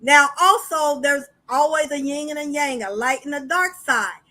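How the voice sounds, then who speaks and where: A high, bright woman hosting a spiritual podcast in an animated, chatty way. She talks straight to her listeners and calls them y'all. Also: moderate pace. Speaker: podcast host. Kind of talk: casual spiritual podcast talk.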